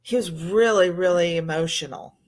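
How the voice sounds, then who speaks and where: A woman co-hosting a podcast in casual chat, chatty and quick to laugh. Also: on the low side. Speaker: podcast co-host.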